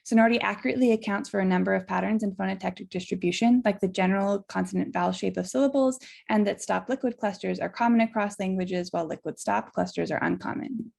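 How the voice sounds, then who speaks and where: Fast, creaky-voiced woman presenter. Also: medium pitch, darkish tone. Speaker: conference presenter. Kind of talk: scripted short poster talk.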